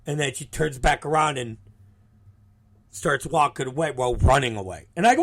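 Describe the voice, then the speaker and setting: A male show host and wrestling promoter, telling a story casually in a profane, animated way. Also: mid-range voice, moderate pace. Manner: animated, profane, acts out the people in his stories.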